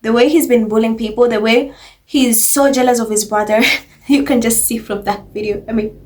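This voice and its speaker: A woman's voice: a little high, fairly even intonation, normal speed, a little mellow. A woman giving casual, chatty commentary on royal gossip, laughing often as she talks. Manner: chatty, laughs often, mocking quoted voices.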